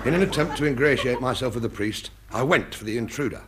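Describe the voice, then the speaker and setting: A man's voice: medium pitch, quick pace, heavy background noise. Dry, mock-serious male comic narrator.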